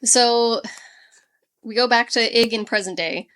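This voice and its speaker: A woman's voice: on the high side, unhurried, a bit bright. A woman co-hosting a book club podcast, walking through a novel's plot in a casual, meandering way. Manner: plot summary full of fillers and restarts. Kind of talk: casual chat.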